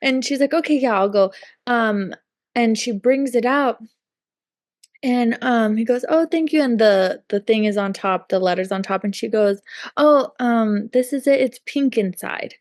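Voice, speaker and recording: High-voiced woman telling a chatty story. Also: a little slow, a little mellow, no room sound, clean studio sound. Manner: chatty storytelling, acts out quotes, many likes and ums. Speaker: podcast co-host. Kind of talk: casual chat.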